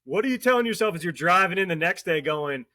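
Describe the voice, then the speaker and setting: A male podcast host with a high, bright voice. He asks his guest questions and responds warmly in a relaxed, conversational way. He often nods along with short affirmations. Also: fast talker. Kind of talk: casual interview chat.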